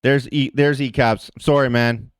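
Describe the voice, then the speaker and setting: A man's voice: medium pitch, steady tone, unhurried, smooth, dry recording. A man hosting a livestream, ranting in a heated, profane way and talking straight to his chat viewers. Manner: addresses chat viewers directly. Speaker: livestream host. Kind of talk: livestream rant.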